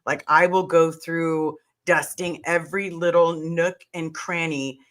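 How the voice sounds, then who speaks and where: A woman in casual chat, telling animated stories and acting out what people said. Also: measured pace. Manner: animated storyteller, acts out quotes in high voices.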